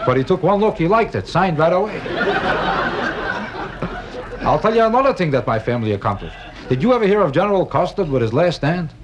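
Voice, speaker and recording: Fast New comic, lively sing-song kvetching, old live record with crowd noise. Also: male voice, a little high. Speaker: stand-up comedian. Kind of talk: stand-up comedy routine. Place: nightclub stage before a live audience. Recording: 1962 live album with audience noise.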